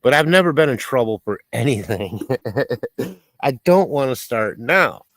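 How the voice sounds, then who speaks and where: Lively, rambling male stream host. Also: medium pitch, normal speed, no echo. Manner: rambling and self-mocking, with frequent laughs and fillers. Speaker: livestream host. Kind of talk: casual chat, reading out viewer comments.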